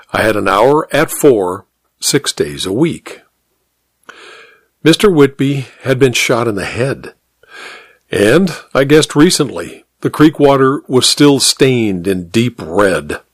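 A man narrating a first-person story in a measured, wry storytelling manner. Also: mid-range voice, no room sound, clean studio sound.

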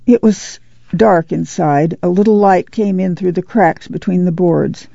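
A narrator reading a novel aloud at a steady, measured pace. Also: mid-range voice, gravelly, dry recording, muffled recording. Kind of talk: audiobook narration.

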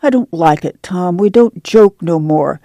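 A woman's voice: lowish voice, unhurried, mellow, no room sound, studio quality. A woman reading as a weary, firm migrant mother. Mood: soothing, weary. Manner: soothing, firm, rural dialect. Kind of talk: dramatic book reading.

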